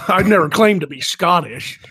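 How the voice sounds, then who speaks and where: A man with a high-pitched, animated voice hosts a live stream, unhurriedly spinning loose stories full of swearing and laughter while a crowd murmurs in the background. It's casual chat.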